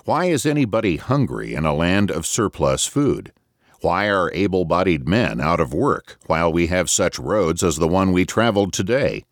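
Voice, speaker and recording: A man's voice: deep voice, very animated, moderate pace, no room sound, clean studio sound, exaggerated voice. A man narrating an audiobook, voicing a thoughtful male traveler who puzzles earnestly aloud.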